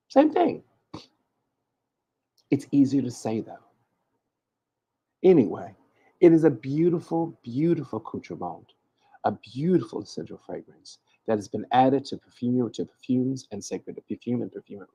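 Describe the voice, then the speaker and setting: A man hosting a casual livestream, playful and animated, teasing himself as he stumbles over hard words and restarts often. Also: medium pitch, vocal fry, slightly rough. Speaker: host giving hoodoo readings and advice. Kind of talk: casual livestream chat, reading from the chat.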